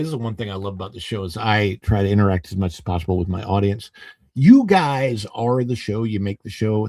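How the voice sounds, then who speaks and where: A man talks casually as host of a live stream, reading viewers' names aloud in a chatty way. His voice has a gravelly edge, and the sound is dry and close with no room echo. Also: mid-range voice, a little mellow. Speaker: livestream host.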